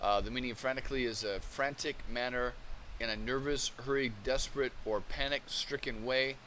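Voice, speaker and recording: A channel host, male, speaks at medium pitch in a steady, fairly quick voice that sounds pushed and bright, with a faint hiss or hum. He reads definitions and transcripts aloud and mulls them over in casual commentary, often restarting his sentences.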